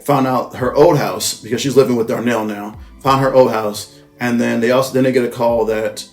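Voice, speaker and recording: Man, mid-pitched, casual movie recap, rambling, profane, self-correcting, faint background music. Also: fairly even intonation, normal speed. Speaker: movie reviewer.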